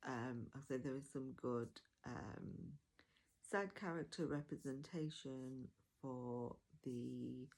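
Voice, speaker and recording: Slow, gravelly-voiced woman reviewing audiobooks. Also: a bass voice, a little mellow. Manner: chatty and enthusiastic, with laughs, fillers and self-corrections. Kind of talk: casual spoken review.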